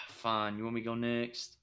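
A man's voice: medium pitch, completely flat delivery, measured pace, pushed and bright, smooth. A man co-hosting a podcast in casual chat, teasing and goofing around with frequent laughs. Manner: teasing, goofy, laughs often. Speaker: podcast co-host.

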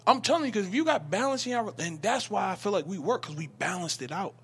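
A man with a somewhat high, husky voice tells stories in casual chat, his pitch swinging widely as he gets loud and laughs through the retellings. He talks like a guest on a relaxed podcast. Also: fast.

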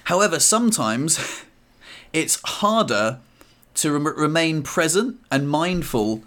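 A man's voice: a little high, expressive, slow pace, a bit bright. A man chatting casually on a podcast, rambling with fillers and restarts. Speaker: podcast co-host. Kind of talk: casual chat.

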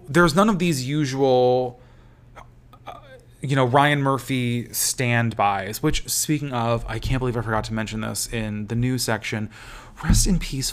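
A man hosting a podcast, in casual chat that is rambling and profane. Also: mid-range voice. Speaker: podcast host.

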